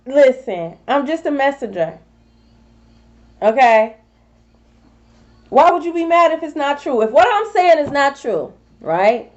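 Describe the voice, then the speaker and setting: A woman's voice: high-pitched, very animated, unhurried, pauses often, a little mellow, highs cut off. A woman tarot reader scolding her rivals in a sassy, profane vlog monologue. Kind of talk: confrontational spiritual vlog monologue.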